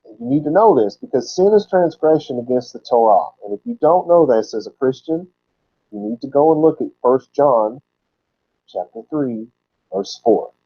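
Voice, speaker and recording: A man giving sermon-style Bible teaching at a mid pitch, unpacking word roots and repeating terms slowly for emphasis. The recording sounds dull and lo-fi. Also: lively intonation, husky.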